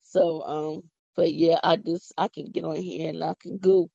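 Gravelly, chatty woman podcaster. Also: sits low, level tone, moderate pace, mellow, dry recording, dull audio. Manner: chatty, preachy, down-to-earth. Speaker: podcast host. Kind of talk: casual faith talk monologue.

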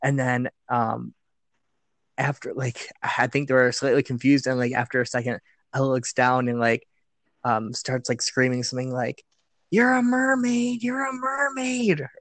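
A man's voice: mid-range voice, level tone, moderate pace, fairly bright tone, dry recording. A man chatting as a guest on a podcast, hesitant and full of fillers, often laughing as he recalls things. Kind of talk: casual chat.

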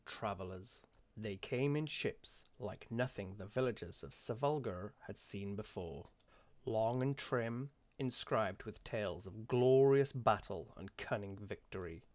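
A man narrating a fantasy story in a measured, deliberate way with dramatic emphasis. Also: fairly low pitch, a little mellow.

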